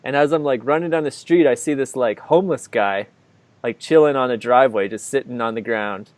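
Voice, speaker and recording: A man tells a long story on a casual podcast, rambling and leaning on "like" in nearly every phrase. His voice sits at a middling pitch. The recording is dry and close, with no room echo. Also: fairly quick. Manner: rambling, filler-heavy, full of "like". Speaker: podcast co-host. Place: living abroad in Ireland, recording indoors.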